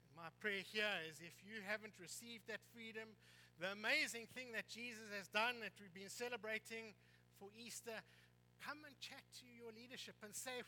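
A South African pastor giving an animated sermon, telling a story with lively energy. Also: male voice, sits high, moderate pace, big-room sound.

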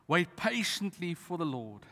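A pastor in his thirties delivers a sermon with a slightly raised pitch, rising to loud, urgent peaks and then dropping to quiet, slow emphasis. His voice rings out in a large church hall with a long reverb tail. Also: very animated. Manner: impassioned preaching, slowing for emphasis, swings from loud to soft.

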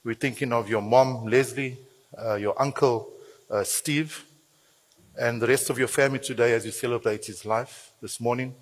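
Husky-voiced man preaching in a hall. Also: mid-range voice, moderate pace. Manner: lively and humorous, with playful asides. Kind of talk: sermon with church announcements. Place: church hall. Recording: reverberant church hall.

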